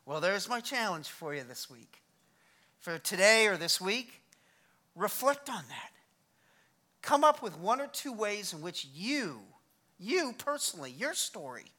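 A man preaching a sermon with a bright, forward tone. He keeps it conversational and energetic, slipping in self-deprecating humor as he teaches. He sounds middle-aged. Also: high-pitched. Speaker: pastor.

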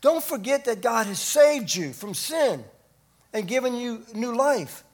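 In a sing-song, unhurried delivery, a middle-aged man preaches as pastor, swelling toward emphatic peaks and easing back down low and quiet.

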